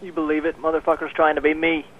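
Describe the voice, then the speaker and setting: A man's voice: fairly high pitch, completely flat delivery, quick pace. Male caller, dry and profane, heard over a tinny phone line. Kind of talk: casual radio call-in.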